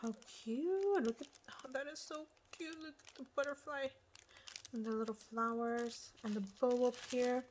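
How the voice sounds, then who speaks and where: A woman's voice: a little high, steady tone, moderate pace, a little hiss or hum, low-quality recording. A woman hosting a crafting channel, chatting casually and gushing over each item she unwraps. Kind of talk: casual unboxing chat. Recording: loud crinkling paper handling. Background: paper crinkling and tearing.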